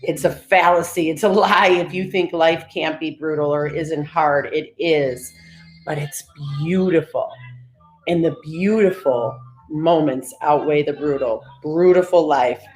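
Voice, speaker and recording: A woman's voice: deep voice, a little slow, faint music behind. A woman hosting a live stream, leading breathing and affirmations in an emphatic, punchy coaching style. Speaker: motivational live-stream host. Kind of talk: energetic motivational talk with affirmations.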